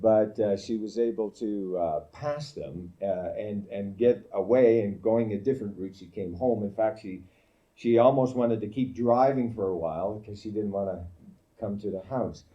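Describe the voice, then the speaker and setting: A guest preacher at a camp meeting tells a family story in a storytelling sermon, his lowish, warm voice moving at a moderate pace. His anecdotal delivery is full of fillers and restarts, captured on a dull lo-fi recording.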